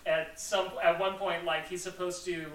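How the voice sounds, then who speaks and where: A podcast host, a man, rambles through casual chat with plenty of "like" fillers. His voice is bright and a little high, and it sits in an echoey room some way from the mic. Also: flat delivery, moderate pace, recorded from a distance.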